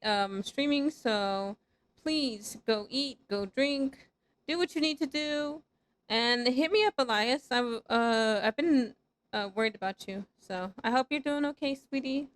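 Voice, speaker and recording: A woman's voice: a little high, a bit bright. A young woman VTuber chatting casually with her live-stream viewers while gaming, playful and teasing, breaking into squeals and laughter.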